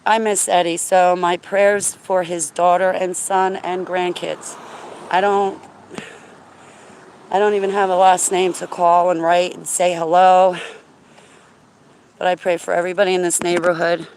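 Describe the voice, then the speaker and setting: A woman telling a story to her viewers in an excitable, chatty way while walking outdoors on a city street, often checking in with "right?". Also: lowish voice, unhurried, long pauses, slight background noise. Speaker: vlogger. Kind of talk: casual storytelling to camera.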